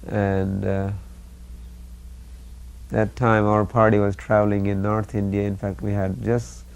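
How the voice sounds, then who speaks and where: A man earnestly recalling a time with his teacher, halting often with fillers. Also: on the low side, level tone, vocal fry, clear, resonant tone. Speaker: disciple recalling memories. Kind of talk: spoken reminiscence. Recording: faint background hiss.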